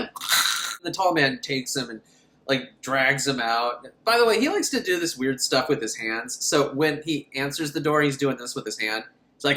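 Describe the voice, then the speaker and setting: A man's voice: a little high, very animated, moderate pace, fairly bright tone, roomy sound. A man recapping a horror film in a sarcastic, rambling, mocking way. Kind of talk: comedic movie recap.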